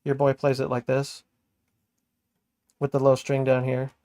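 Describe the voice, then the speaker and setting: A young man chatting casually on a livestream as he makes music, slangy and relaxed, often laughing. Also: medium pitch, unhurried, no room sound, clean studio sound. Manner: laid-back, slangy, laughs often, talks while working. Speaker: music producer streaming. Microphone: studio microphone.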